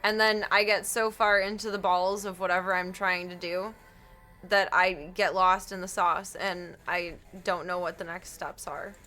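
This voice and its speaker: A woman's voice: on the low side, level tone, moderate pace, sharp tone, faint music behind. A young woman live-streaming, chatting casually with a giggly, rambling, self-deprecating manner.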